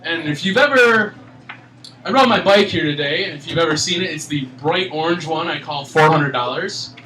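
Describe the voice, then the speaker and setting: A young man from Michigan in his twenties doing a stand-up comedy set, ranting in an exasperated, animated way. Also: fairly high pitch, moderate pace, a little hiss or hum. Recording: echoey room, mic at a distance.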